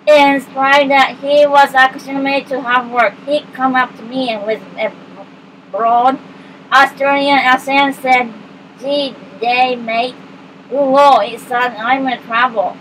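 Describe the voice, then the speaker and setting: A woman reading book blurbs aloud in a halting way, stumbling and misreading words as she goes. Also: high-pitched, a bit bright, a little hiss or hum, poor audio.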